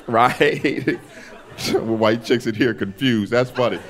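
A man performing a stand-up comedy set on a club stage, animated and acting out characters. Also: mid-range voice, takes it slowly, a faint crowd.

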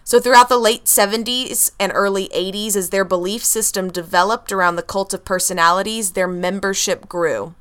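Woman podcast host, smooth clear voice, casual storytelling from notes, home computer mic. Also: medium pitch, steady tone, moderate pace, hardly any pauses, a bit bright. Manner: reads researched notes, breaks into laughs.

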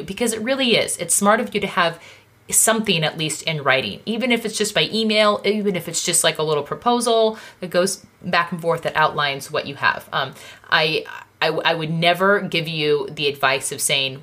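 A woman in her thirties with a low voice gives a casual teaching talk on contracts for small businesses. She is chatty and keeps checking in with her listener by asking "okay?" after each point. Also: animated, brisk, fairly bright tone. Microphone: phone.

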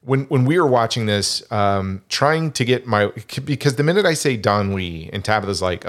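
A man's voice: on the low side, animated, normal speed, few pauses. A middle-aged man hosting a podcast in casual chat, rambling and often restarting his phrases. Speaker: podcast host.

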